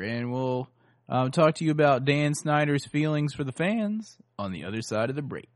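A man co-hosting a podcast in casual chat. He jokes around and loses his train of thought, and his voice is hoarse. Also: mid-range voice, lively intonation, moderate pace, no room sound, studio quality. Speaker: podcast co-host.

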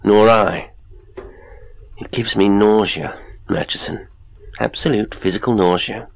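A man doing a high, nervous, disgusted professor. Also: fairly even intonation, unhurried, gravelly. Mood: agitated. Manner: high, nervous, agitated delivery. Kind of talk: horror audiobook reading.

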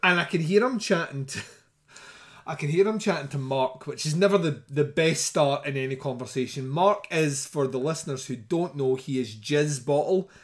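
A man in middle age tells a story on a podcast, swearing freely. His voice sits slightly high for a man. He talks in a loose, animated way and laughs between lines. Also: moderate pace. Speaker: podcast host. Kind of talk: casual storytelling.

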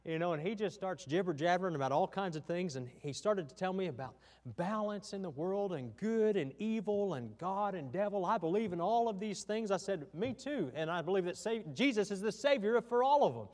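Male pastor, slightly high voice, folksy sermon delivery, echoing church hall. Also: lively intonation, fairly quick, darkish tone. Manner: folksy preaching with frequent restarts. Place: church sanctuary.

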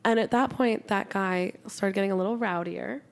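Young woman, podcast co-host, chatty excited storyteller who swears freely, mid-range voice. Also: medium pitch, moderate pace. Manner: excited storytelling, heavy "like" filler, frequent swearing. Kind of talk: casual podcast chat. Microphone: studio podcast mic.

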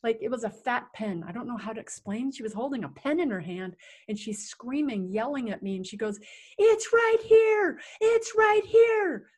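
A middle-aged woman, an interview guest, telling a personal story in a vivid, animated way that acts out sounds and quotes. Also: a little high, a little fast, hardly any pauses, breathy edge.

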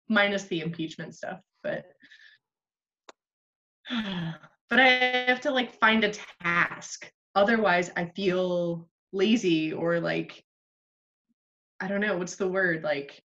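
A woman talks in a relaxed, self-deprecating way, often breaking into laughter. Her voice sits mid-range for a woman. The recording sounds a little dull and lo-fi. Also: medium pitch, measured pace, pauses often. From United States. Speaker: podcast guest. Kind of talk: casual conversational podcast. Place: Australia.

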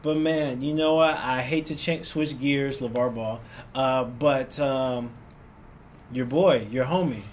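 A man hosting a casual sports podcast, laid-back and quick to laugh. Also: medium pitch, steady tone, a little hiss or hum. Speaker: podcast host.

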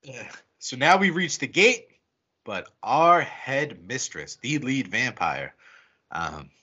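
A man casually retelling a film's plot on a podcast, swearing freely and slipping into quick voices for the characters. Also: mid-range voice, sing-song, sharp tone, husky, highs cut off. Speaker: podcast co-host. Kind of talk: casual movie recap.

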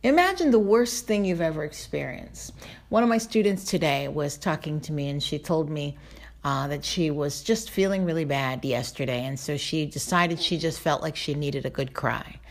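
Middle-aged woman preacher, low-ish voice, heartfelt and emphatic devotional sermon delivery. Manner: emotional, emphatic, slows down on key phrases.

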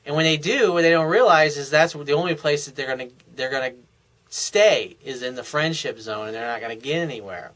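A man's voice: on the high side, a little fast, a bit bright. A man hosting an advice show, giving blunt, coaching, sometimes profane advice from listener emails. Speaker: dating advice host. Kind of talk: advice monologue.

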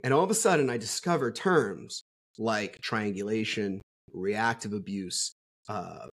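Husky man from new jersey, middle-aged podcast guest, rambling candid storytelling, swears freely. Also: lowish voice, unhurried. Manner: rambling, frank, swears freely, many fillers. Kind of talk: casual storytelling interview.

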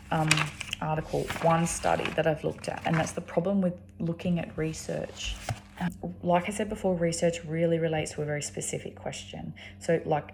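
A woman's voice: low voice, vocal fry, noisy background. An Australian woman talking casually and rambling, with lots of ums and restarts. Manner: frequent ums and restarts, chatty. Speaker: vlogger.

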